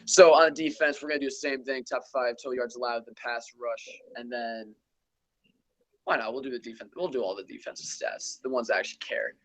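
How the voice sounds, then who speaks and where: A man's voice: mid-range voice, steady tone, brisk, dry recording, poor audio. A young man hosting a casual podcast, loosely running through football rankings and stats with profanity and offhand asides. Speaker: podcast host. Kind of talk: casual sports gaming chat.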